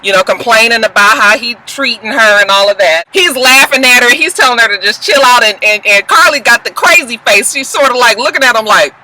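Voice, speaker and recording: A woman's voice: fairly high pitch, fairly quick, few pauses, low-quality recording. A woman recapping a reality show in a casual, profane, chatty vlog from a parked car, recorded on a built-in camera mic. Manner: profane, animated, chatty, often laughing. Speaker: TV show reviewer.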